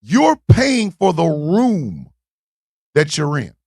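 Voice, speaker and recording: A man with a high, gravelly voice tells a comic story, swinging his pitch up and down as he acts out everyone in it. His tone is husky and a little raspy, and he swears freely. The sound is close and dry. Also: takes it slowly, no echo. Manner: animated, profane, acts out voices in his stories. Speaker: podcast host. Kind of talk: comedic storytelling.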